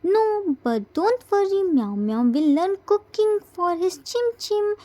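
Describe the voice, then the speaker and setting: A protective little boy, earnest and reassuring in a storybook reading, voiced by a woman. The voice sits high and mellow and never hurries. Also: big pitch swings, slow, full character voice.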